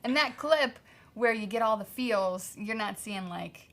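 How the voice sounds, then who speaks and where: A woman's voice: mid-range voice, lively intonation, unhurried. A woman with a Pennsylvania accent co-hosting a homestead podcast, matter-of-fact with dry quips. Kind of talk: casual chat.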